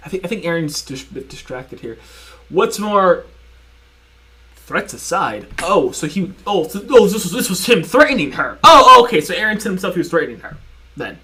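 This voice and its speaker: In his reaction commentary, this young host argues each point sarcastically and repetitively, often restarting. He talks quickly in a high, sing-song voice with a sharp tone.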